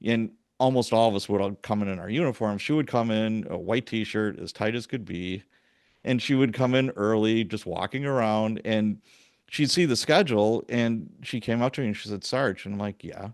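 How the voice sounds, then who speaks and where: Middle-aged ex-cop host: deep-ish voice, dry close mic, acts out every quote. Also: male voice, moderate pace, smooth, no echo. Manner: animated storyteller, acts out quoted dialogue. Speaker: podcast host, retired police sergeant. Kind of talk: casual storytelling interview.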